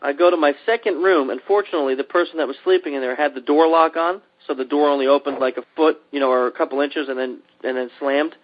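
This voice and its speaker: A man hosting a podcast, telling a long travel mishap story in a casual, animated way and acting out the people in it. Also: fairly high pitch, fast, few pauses. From Pennsylvania. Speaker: podcast host. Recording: dull lo-fi podcast audio.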